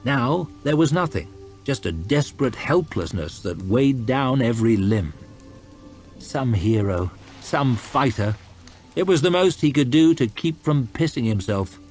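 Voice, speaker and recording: A man reading a novel aloud as storytime narration, expressive with soft low asides. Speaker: audiobook reader. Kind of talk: storytime narration over gameplay.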